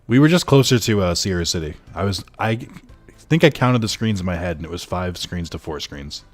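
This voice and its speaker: A young man talking casually through a game stream, joking with his chat and trailing off into fillers. His voice sits a little low. Faint game music plays underneath. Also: lively intonation, fairly quick. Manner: chatty, joking, talks to chat, frequent fillers. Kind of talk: casual livestream commentary.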